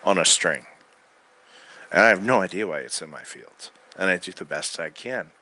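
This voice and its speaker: A man delivering a rambling spoken-word monologue from his bed into a microphone, swinging between loud outbursts and quiet mutters. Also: low-pitched, expressive, moderate pace. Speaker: recording artist. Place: bedroom.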